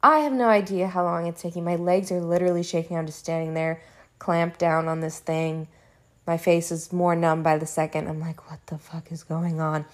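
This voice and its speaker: Young adult woman, casual home vlogger, chatty and animated storyteller, sprinkles in swearing. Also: lowish voice, moderate pace. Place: home room.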